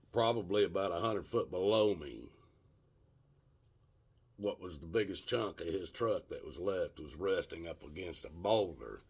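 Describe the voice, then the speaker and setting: Gravelly deep-voiced man telling a story. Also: a bit bright. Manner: profane, colloquial, drawn-out dramatic retelling. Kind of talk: casual spoken storytelling.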